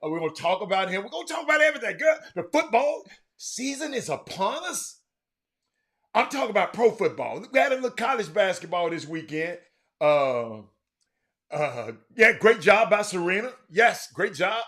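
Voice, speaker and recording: Guy hosting a sports chat from his room, bright sharp voice, talks right to the viewers. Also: high-pitched, very animated, moderate pace. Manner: addresses viewers by name, loose and chatty. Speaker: sports talk show host. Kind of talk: casual live-stream chat. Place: room at home.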